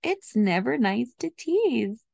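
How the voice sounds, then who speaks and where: A woman voicing a moody, pampered house cat in a slow storybook reading. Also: on the high side, very animated, creaky, no room sound, full character voice. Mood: gentle. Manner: slow, gentle read-aloud delivery.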